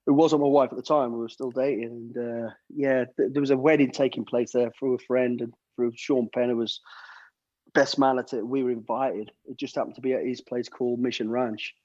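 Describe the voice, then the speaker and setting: A middle-aged man swaps stories in a relaxed interview, rambling and restarting as he goes. His voice sits at an ordinary mid pitch. The recording is dull and dry, with no room sound. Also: a little fast, dry recording. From United Kingdom. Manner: rambling, many restarts, acts out quotes. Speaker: former soldier and celebrity bodyguard, guest. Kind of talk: casual storytelling chat.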